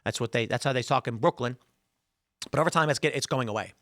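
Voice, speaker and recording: A man's voice: medium pitch, fast, fairly bright tone, dry recording, clean studio sound. A man from Chicago hosting a solo political commentary and arguing his opinions, often restarting his sentences. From Chicago, United States. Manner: opinionated and argumentative, with frequent restarts.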